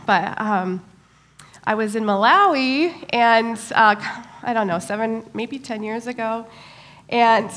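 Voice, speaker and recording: A middle-aged woman giving a church talk, telling a personal story in an animated way, with many pauses and fillers. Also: mid-range voice. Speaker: church speaker.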